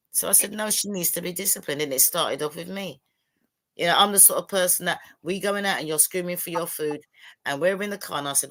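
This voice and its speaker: A woman and single mother in casual panel talk on a video call, telling stories and acting out what people said. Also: on the low side. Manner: animated storyteller acting out quotes.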